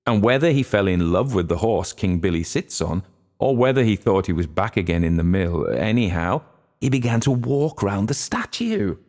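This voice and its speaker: A genial man in a storybook, spinning a comic family tale with mock grandeur, read by a male narrator. His voice stays deep and close to the narrator's own. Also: very animated, normal speed, darkish tone.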